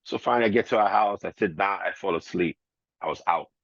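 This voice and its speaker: Laid-back low-voiced man, muffled audio. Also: quick pace, dry recording. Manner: laid-back, laughs often, many "you know" and "man" fillers. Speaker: guest DJ. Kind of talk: casual storytelling interview. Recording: slightly dull, muffled audio.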